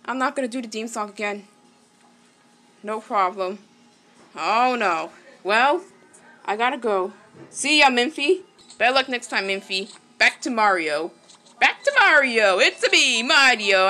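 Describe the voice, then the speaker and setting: A woman giving casual let's-play commentary, excitable, gasping and exclaiming at the game. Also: fairly high pitch, moderate pace, pauses often, faint music behind. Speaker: gaming channel host.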